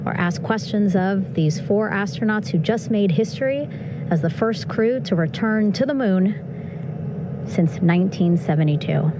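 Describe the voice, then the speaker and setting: A woman's voice: mid-range voice, lively intonation, measured pace, background noise. Upbeat woman doing live commentary. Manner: warm, upbeat, chuckling often. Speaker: broadcast commentator.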